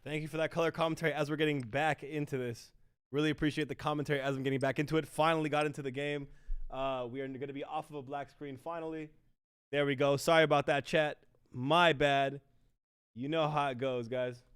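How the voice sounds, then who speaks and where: A man casting an esports match on a livestream in a relaxed, chatty way, talking to his chat. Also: on the high side, fairly quick, clear, resonant tone, dry recording, studio quality. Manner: laid-back, chatty, apologetic about the stream. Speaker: esports caster. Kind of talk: casual livestream commentary.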